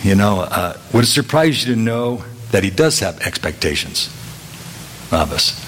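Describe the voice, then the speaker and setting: A middle-aged man giving a conversational sermon, telling homely stories in a halting way with many fillers and restarts. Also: lowish voice, sing-song, a bit bright, slight background noise. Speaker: preacher.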